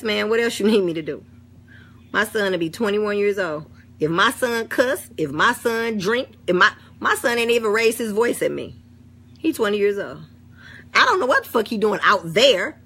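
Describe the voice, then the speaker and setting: A middle-aged woman vlogger with an African American St. Louis accent chats casually to camera, blunt and swearing freely. Her voice sits at medium pitch, pushed, bright, and slightly rough.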